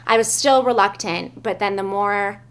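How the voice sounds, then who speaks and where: A young adult woman, a bride, earnestly telling her love story and reading her wedding vows, with frequent "um" pauses. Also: medium pitch, fairly bright tone.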